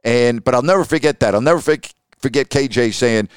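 A middle-aged man hosts his podcast with a smooth, resonant voice, leaning hard on his points as he tells a story. He is recorded close to the mic in a dry, dead room. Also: medium pitch, brisk, no echo. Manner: emphatic, animated, acts out quoted voices. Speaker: podcast host and sports broadcaster. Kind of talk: storytelling monologue.

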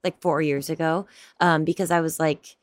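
A young adult woman comedian and actor speaks in a slightly low register, recorded close and dry with no room sound. Her talk wanders through fillers and restarts. She laughs easily as she goes. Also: steady tone, moderate pace, no room sound. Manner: rambling, filler-heavy, often laughing. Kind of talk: casual interview chat.

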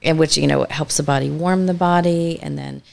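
A woman guest explains things step by step, steady and informative. Her voice is very low with a gravelly edge. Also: brisk.

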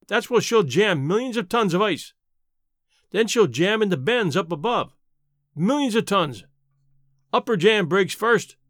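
Guy doing a cool cocky gold rush kid, laid-back drawl, high voice. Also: expressive, measured pace, pauses often, a bit bright, no echo, studio quality. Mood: nonchalant. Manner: nonchalant drawl. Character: cocky young American prospector, drawling.

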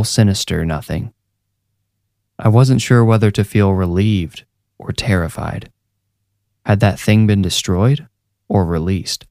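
A man narrating a first-person horror story in a measured, steady storytelling delivery. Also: low-pitched. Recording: clear music bed behind voice.

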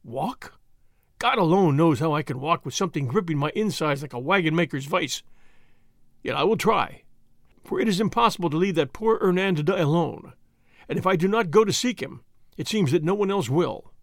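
A man reading the part of a solemn old Boer father, speaking in a low, melancholy, groaning way. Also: expressive, moderate pace, no room sound, clean studio sound.

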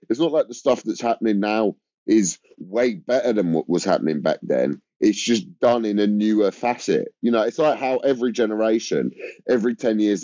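A man's voice: fairly low pitch, dark tone, dry recording, lo-fi sound. A young man guesting on a comedy podcast, talking loosely and rambling in a casual way. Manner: loose, rambling, filler-heavy. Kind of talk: casual chat.

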